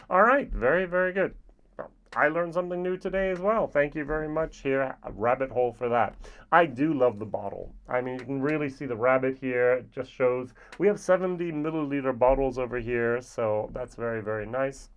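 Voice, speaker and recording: A man's voice: mid-range voice, clean tone. Chatty European man reviewing whiskey. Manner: chatty, with playful asides. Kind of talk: casual spoken review.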